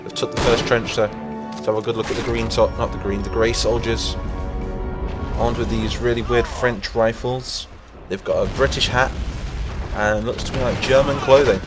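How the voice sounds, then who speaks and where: A young man giving casual, excitable commentary over a war strategy game as the channel's host, reacting aloud to the fighting. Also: mid-range voice, moderate pace. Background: game music and gunfire.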